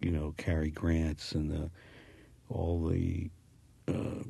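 A man's voice: a bass voice, monotone, slow, gravelly, dark tone, slightly rough, no room sound. A man with a slight New Jersey accent, an actor talking through an interview in a rambling, reminiscing way that restarts its sentences. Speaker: actor guest. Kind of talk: casual interview.

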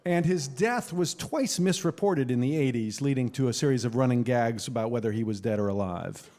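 A man's voice: medium pitch, animated, fairly quick, dark tone, a little hiss or hum. A man serving as the show's puzzle guru, giving hints with a dry chuckle.

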